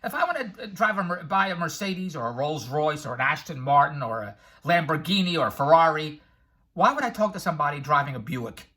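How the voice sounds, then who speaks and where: Older man, brash motivational rant, husky bright voice, lively swooping pitch. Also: a little fast. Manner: brash, tangent-prone, laughs at himself. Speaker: vlogger and infomercial producer. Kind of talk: rambling motivational monologue.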